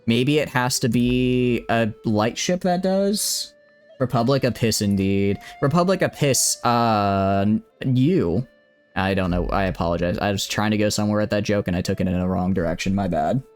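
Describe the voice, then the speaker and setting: A man's voice: on the low side, moderate pace, smooth, faint music behind. A man streaming a strategy game live, rambling and correcting himself as he chats with viewers. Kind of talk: live gameplay commentary.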